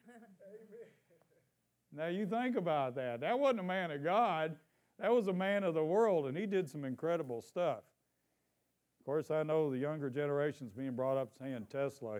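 Lively intonation marks this pastor's slightly high, somewhat mellow male voice as he preaches in church. He trades call-and-response with the congregation through questions and elongates scripture lines for emphasis.

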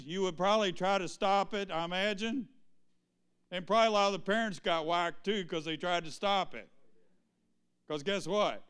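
Preacher man with a clear voice. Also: high-pitched, fairly bright tone. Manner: preaches with call-and-response questions to the congregation. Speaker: pastor. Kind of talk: sermon.

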